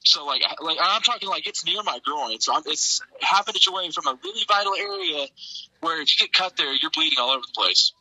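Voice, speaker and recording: A man's voice: on the high side, big pitch swings, brisk, gravelly, pushed and bright, breathy edge, no room sound, low-quality recording. A young man, a wrestler being interviewed, tells stories casually in a laid-back, profane way and laughs often. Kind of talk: casual storytelling.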